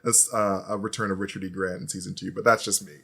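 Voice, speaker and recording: A man hosting a casual panel chat, animated and playful, often jumping into high bursts. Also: fast, gravelly, husky. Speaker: show host.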